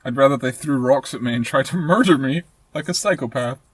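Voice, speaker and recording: A young man co-hosting a late-night casual podcast chat in a van, giggly and jokey with loud laughs. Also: mid-range voice, a little fast, husky, dry recording. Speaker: podcast co-host. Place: inside a van.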